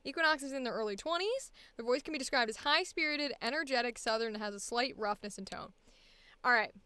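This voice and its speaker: A woman's voice: high-pitched, expressive, fast, sharp tone, clean tone, dry recording. A woman voice actor chatting casually and thinking aloud while she records an audition.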